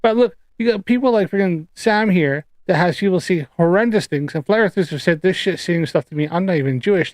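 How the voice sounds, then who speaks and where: A fairly high-pitched man from the Canadian prairies rants on his debunking livestream, swearing and rambling with exasperation. His voice is close and dry, with no room sound. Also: a little mellow, dry recording. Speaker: streamer debunking flat earth claims. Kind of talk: casual livestream rant and chat.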